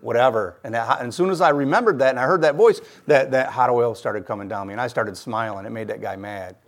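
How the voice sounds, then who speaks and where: A man's voice: mid-range voice, quick pace. A middle-aged man from Michigan giving his personal faith testimony, telling it earnestly and acting out the voices of people he quotes.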